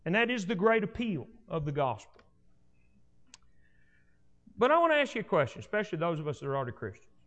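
A high-voiced man preaches with swinging, lively pitch, stacking repeated phrases for emphasis. His voice rings through a church with a long reverb. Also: quick pace, long pauses. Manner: animated, repetitive restarts, rising emphatic delivery. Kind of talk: sermon.

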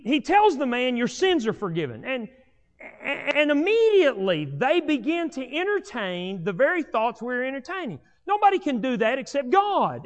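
A man preaching a sermon in an animated way, often repeating and restarting phrases for emphasis, as a preacher before a congregation. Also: very high voice. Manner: animated, repetitive restarts, rising emphatic delivery. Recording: long hall reverb.

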